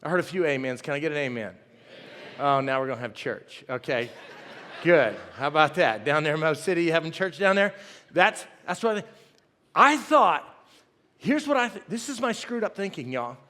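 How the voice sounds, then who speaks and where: A middle-aged preacher with a drawl and a fairly high voice, cracking jokes at his own expense and calling out to his congregation. His sermon rings out through a big church sanctuary with a long reverb trailing behind him. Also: animated, a little fast, bright, forceful tone. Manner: folksy, self-deprecating, jokes with the congregation. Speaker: pastor.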